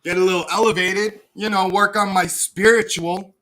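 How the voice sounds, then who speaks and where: A man's voice: high voice, fairly even intonation, normal speed, sharp tone. A young man from Canada ranting mockingly on a casual livestream, swearing and laughing at his own jabs. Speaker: live streamer.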